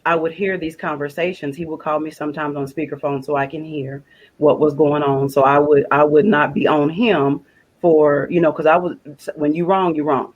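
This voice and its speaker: Speaking at a moderate pace in a low, steady voice, this guest on a faith broadcast recounts an emotional personal experience using everyday language and religious expressions. She repeats phrases and quotes conversations directly. The sound is lo-fi.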